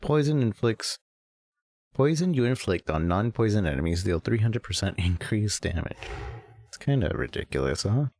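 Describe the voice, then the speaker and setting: Deep gravelly streamer, slow and relaxed. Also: male voice, no echo. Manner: relaxed, muttering to himself. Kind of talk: casual gameplay commentary. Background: faint game music.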